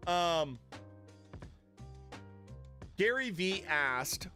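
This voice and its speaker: A man's voice: sits high, big pitch swings, extremely slow, bright, forceful tone, faint music behind. A man chatting casually on a live stream from his home setup, blunt and profane, getting riled up. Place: home streaming room with lit panel backdrop.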